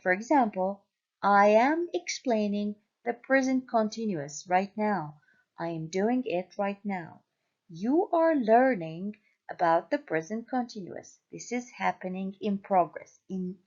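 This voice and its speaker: A woman teaching an English grammar lesson, speaking slowly, repeating patterns and spelling out letters. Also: medium pitch, a little mellow, lo-fi sound. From Syria.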